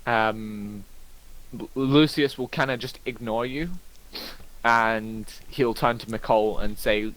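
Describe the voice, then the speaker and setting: A man narrating as game master in a relaxed way, with frequent ums. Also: fairly low pitch, slow pace, low-quality recording. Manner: relaxed, with many ums and kinda.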